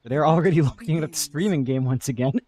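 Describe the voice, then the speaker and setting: A man with a slightly high, warm voice talks fast while casting a live match. He breaks down lanes and items in a chatty, analytical manner and banters with his co-caster, with music in the background.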